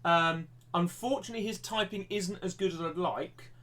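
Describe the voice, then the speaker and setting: A man's voice: high-pitched, normal speed, a bit bright. A man teaching a live-streamed maths lesson, chatty and self-deprecating, thinking aloud with frequent restarts.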